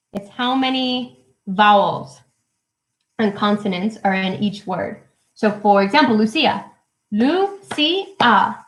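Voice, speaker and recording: A young woman teaching English poetry to children in a live online lesson, speaking slowly and clearly and cheering them on. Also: medium pitch, roomy sound, a little hiss or hum, low-quality recording. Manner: encouraging, slow and clear, counting syllables aloud. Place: at home.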